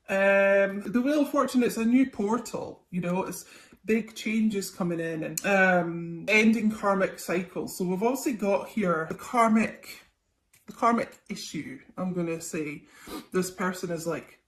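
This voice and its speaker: In an echoey room with faint noise, a young tarot reader talks unhurriedly in a mid-range voice. Her psychic reading is casual and chatty, sprinkled with plenty of ums and okays.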